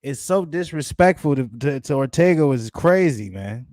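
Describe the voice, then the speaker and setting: A man's voice: fairly high pitch, lively intonation, normal speed, few pauses, a little mellow, dry recording. A man hosting a live fight watch-along, talking in a hyped, slangy way and repeating his exclamations. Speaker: channel host.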